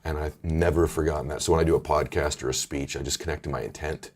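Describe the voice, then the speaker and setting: Deep deep voiced middle-aged guy, earnest, telling his story in an interview. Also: steady tone, fast, a little hiss or hum. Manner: earnest, storytelling, emotional at times. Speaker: podcast host and author. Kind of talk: candid interview conversation.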